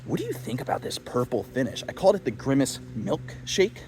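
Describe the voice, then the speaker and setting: A man's voice: mid-range voice, huge pitch swings, fairly quick, a little mellow, slight background noise. A young man chatting casually in a video review, rambling with lots of fillers and self-deprecating asides. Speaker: knife reviewer.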